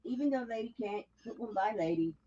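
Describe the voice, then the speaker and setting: A woman's voice comes from well off-mic at home, fairly high in pitch, tossing out offhand remarks. The sound is dull and faint, with a low hum of household ambience behind her. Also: a little fast, dark tone. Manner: offhand remarks from across the room. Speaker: family member in the background. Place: home, indoors.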